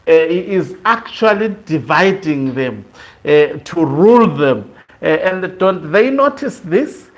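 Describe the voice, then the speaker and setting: A man's voice: a little high, big pitch swings, slow pace. A man giving casual political commentary, talking loosely with many fillers and restarts.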